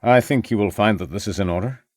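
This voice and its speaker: A man voicing a confident American doctor who speaks in a slow, formal drawl and stays calm under questioning. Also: on the low side, dry recording, studio quality, natural voice. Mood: assured.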